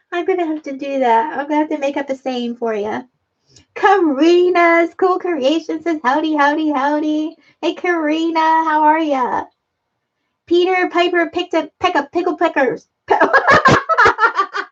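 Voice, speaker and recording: A woman chats on a live stream, reading viewer comments aloud and dissolving into giggles. Her voice sits very high and moves slowly. The audio is dull and lo-fi. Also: fairly bright tone. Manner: laughing helplessly, giggly. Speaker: livestream host.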